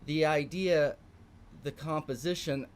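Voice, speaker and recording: A man's voice: on the high side, steady tone, slow pace. A middle-aged man with a Texan accent, teaching a live online morning art class, emphatic and repeating phrases for stress. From Texas.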